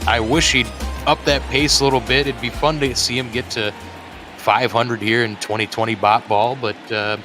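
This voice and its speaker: A man doing casual play-by-play commentary for a baseball game, relaxed and chatty, with many fillers and restarts. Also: medium pitch, normal speed. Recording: music clearly in the background.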